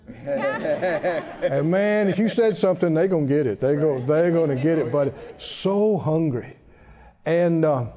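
A male pastor preaches an emphatic sermon, leaning hard on key phrases. His voice is high-pitched yet dark and mellow, and the recording has a dull, lo-fi sound.

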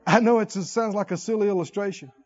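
A man preaching a sermon, animated, with call-and-response and comic asides. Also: high-pitched, quick pace, big-room sound, dull audio.

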